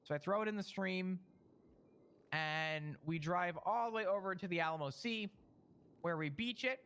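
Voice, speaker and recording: A man's voice: high voice, pushed and bright. A man in a roleplay game telling a long, rambling, profane story in character, stammering and repeating himself.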